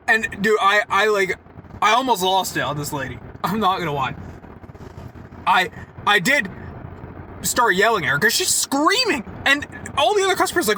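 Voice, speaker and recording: A man's voice: very high-pitched, sing-song, normal speed, pushed and bright. A young man vlogging a heated, profanity-filled story, rambling and saying "like" a lot, to a camera set down outdoors near traffic. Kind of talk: casual storytelling. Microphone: camera set down nearby.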